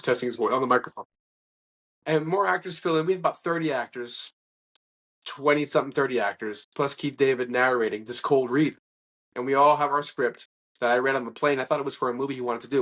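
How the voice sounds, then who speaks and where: A man being interviewed, telling stories in a casual, rambling way with many restarts and quoted dialogue. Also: medium pitch. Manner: rambling, animated anecdotes with restarts and acted-out quotes. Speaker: interview guest. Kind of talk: casual conversational storytelling.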